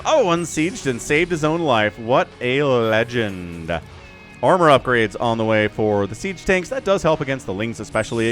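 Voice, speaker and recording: A man's voice: a little high, fairly bright tone. A man casting a strategy video game alone, play-by-play commentary full of joking asides. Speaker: esports shoutcaster. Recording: faint background music.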